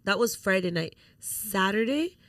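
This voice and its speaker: A young woman co-hosts a podcast, telling a story in casual chat with a medium-pitched, slightly slow voice and no echo. She narrates animatedly, swears freely, and acts out the quotes.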